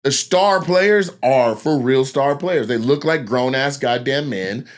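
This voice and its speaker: A young adult man from Washington state, a comedian hosting a casual chat, telling stories with profane, animated outbursts and acted-out voices. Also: mid-range voice, measured pace. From Washington state, USA. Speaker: comedian podcast host.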